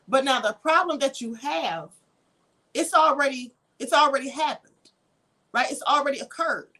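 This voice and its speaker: A high-pitched woman hosts a spiritual livestream, teaching in a conversational, preachy way. She poses rhetorical questions to her viewers and answers chat comments as she goes. She was raised in Kentucky. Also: moderate pace, bright, forceful tone. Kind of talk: live-stream teaching, reading chat comments.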